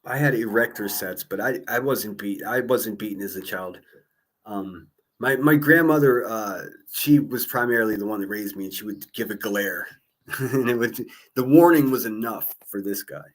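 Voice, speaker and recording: A man's voice: on the low side, normal speed. Laid-back man hosting a call-in stream. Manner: chatty, laughs often, stumbles over repeated words. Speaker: host of a call-in livestream. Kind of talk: casual call-in chat.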